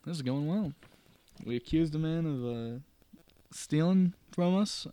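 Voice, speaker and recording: A man's voice: fairly high pitch, a little slow, mellow, smooth. Man casually reading a gamebook aloud. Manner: musing, self-deprecating, with asides.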